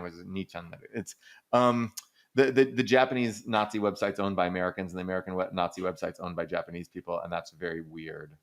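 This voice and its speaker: A man with a somewhat low voice talks loosely on a podcast, piling up fillers and restarts. He tells stories animatedly, swears casually and laughs now and then. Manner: rambling, animated storytelling with frequent "like" and casual swearing; acts out quoted people in exaggerated voices, laughs often. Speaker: podcast co-host answering listener questions.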